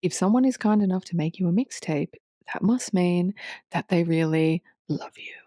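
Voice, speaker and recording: A woman's voice: fairly low pitch, fairly quick, warm tone, no echo, clean studio sound, lightly acted. A woman doing a sultry whispered podcast announcer. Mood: seductive. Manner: breathy, seductive whisper. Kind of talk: whispered role-play.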